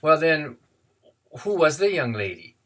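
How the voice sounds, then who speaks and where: A man's voice: fairly high pitch, very animated, a little slow, pitched above the performer's own voice. A man voicing a parish priest who coaxes and probes during a confession. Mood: coaxing. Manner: soft, coaxing, inquisitive. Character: probing, soft-spoken parish priest, middle-aged man.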